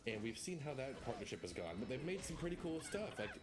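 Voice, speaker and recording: A man's voice: medium pitch, very animated, quick pace, background noise. A man streaming a retro game, chatting casually and rambling with self-mocking asides. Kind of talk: casual gameplay chat. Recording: game music behind voice.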